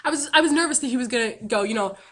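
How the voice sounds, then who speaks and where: A woman's voice: fairly high pitch, animated, racing, a bit bright. A woman telling a funny story to her camera in a chatty, self-mocking way, full of fillers. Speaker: vlogger.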